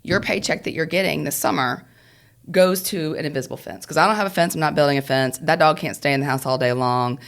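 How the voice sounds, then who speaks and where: A woman's voice: low-pitched, quick pace. A woman doing a stern, grumbling dad. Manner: stern, laying down conditions. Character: gruff, grumbling father laying down rules.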